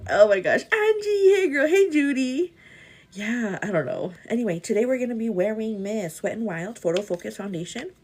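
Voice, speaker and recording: A woman's voice: medium pitch, a little fast, few pauses, a little mellow, slightly rough. A woman in her thirties, chatty and casual, doing makeup on a livestream while answering viewer comments and calling them "girl". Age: 30s. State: pregnant with twins. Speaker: livestream host.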